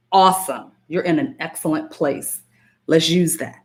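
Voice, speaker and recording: A woman with a low, deep voice talks straight to her live-stream viewers as a spiritual coach. She is emphatic and repeats phrases for weight. Now and then she breaks off to greet a viewer by name. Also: measured pace.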